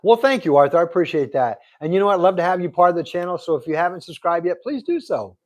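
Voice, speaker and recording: A middle-aged man runs a relaxed live broadcast, reading out viewer comments and thanking each person by name. His voice sits a little high for a man, and his talk is casual and warm. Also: fast talker. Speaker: livestream host. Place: Arizona.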